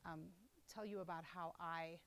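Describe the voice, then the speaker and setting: A woman's voice: on the low side, steady tone, a little slow, slight background noise, low-quality recording. Chatty woman with a mixed South African accent. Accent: mixed South African, Australian and American. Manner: warm, chatty, many ums. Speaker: guest speaker, teacher. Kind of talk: public talk to an audience.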